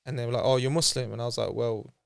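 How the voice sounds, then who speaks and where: A man's voice: medium pitch, fairly even intonation, rapid-fire, vocal fry, clean tone. A man telling his story as an interview guest in a casual, chatty way, full of slang and acting out the voices of people he quotes.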